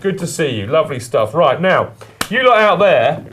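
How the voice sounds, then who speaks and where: Podcast host: man, a bit high-pitched, chatty and playful, wanders off topic. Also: sing-song, normal speed, fairly bright tone, slight background noise. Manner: jokey, rambling and chatty. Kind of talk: casual chat.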